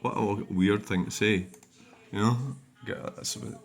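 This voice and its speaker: A man's voice: on the low side, fairly even intonation, unhurried, vocal fry. A middle-aged Scottish man hosting his own channel, rambling bluntly and swearing freely while he reads through viewer comments. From Scotland. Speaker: dashcam channel host. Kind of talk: casual vlog talk while reviewing comments.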